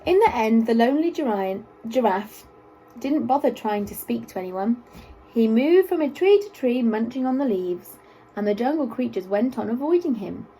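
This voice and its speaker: A woman reading a children's story aloud in an expressive, sing-song way. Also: fairly high pitch, moderate pace, poor audio.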